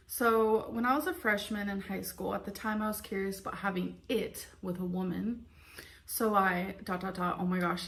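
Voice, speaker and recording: A woman YouTuber casually reading out viewer secrets, chatty and giggly. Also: mid-range voice. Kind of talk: casual video chat.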